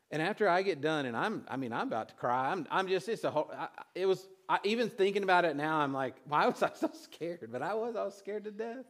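A man preaching a sermon, telling a personal story in a halting way with many restarts. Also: fairly high pitch. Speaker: pastor.

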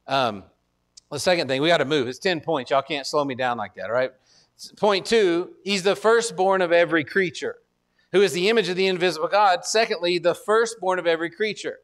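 High-voiced preacher man. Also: a bit bright. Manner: conversational, stammering restarts, slows for scripture. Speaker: pastor. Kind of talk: sermon.

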